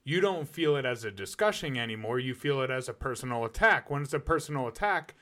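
Animated man arguing his point. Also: mid-range voice, quick pace. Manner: argumentative, explains at length. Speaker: podcast co-host. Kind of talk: casual chat.

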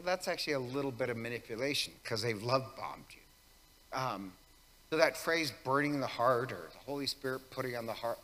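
Man, priest, conversational homily, self-mocking, forceful voice, echoing church. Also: medium pitch. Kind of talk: weekday homily. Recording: long church reverb.

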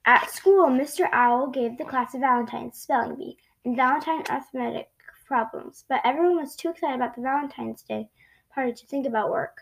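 A woman reading a children's storybook aloud in an expressive way, with small slips. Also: sits high, brisk, creaky, poor audio. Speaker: storybook reader.

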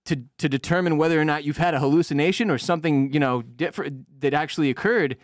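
A man co-hosting a podcast recaps a TV episode in casual chat, animatedly acting out lines in put-on voices. His voice is a little high and fast, recorded dry at studio quality.

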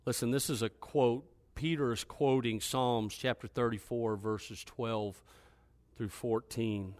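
A pastor preaching a sermon in a man's mid-range voice, recorded dry and close. He reads scripture at a steady pace, and his pitch climbs when he presses a point on his listeners. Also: slow, no room sound. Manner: emphatic, rises in pitch when exhorting.

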